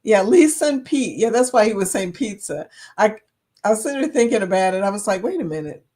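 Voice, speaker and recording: A woman's voice: mid-range voice, sing-song, brisk, dark tone. Woman host chatting loosely with her live-stream viewers, teasing and laughing often. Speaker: livestream host. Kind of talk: casual chat reading viewer comments.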